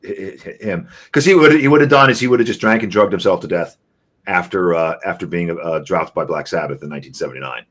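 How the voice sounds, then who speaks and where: A man's voice: low voice, fast, a bit bright. A man from New England in casual conversation, rambling and repeating words as he talks. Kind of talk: casual live-stream chat.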